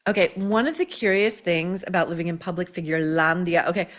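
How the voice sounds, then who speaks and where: A woman's voice: lowish voice, fairly quick. A woman hosting a commentary show, scathing and sarcastic as she tears into her subject. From United States. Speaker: host. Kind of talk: opinionated commentary.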